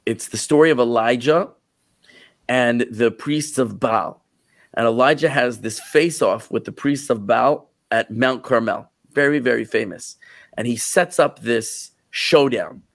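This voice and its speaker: A man who is a rabbi, retelling a biblical story in an animated sermon, often repeating words as he goes. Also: mid-range voice, dry recording.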